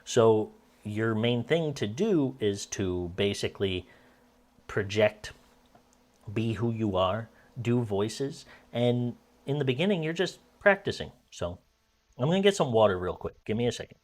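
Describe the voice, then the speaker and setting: A man's voice: medium pitch, expressive, a little slow, darkish tone. A man who is an amateur voice actor, talking casually and rambling as he coaches viewers from his computer at home on a desk microphone. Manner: rambling, self-correcting, coaching tone. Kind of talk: casual explanatory vlog.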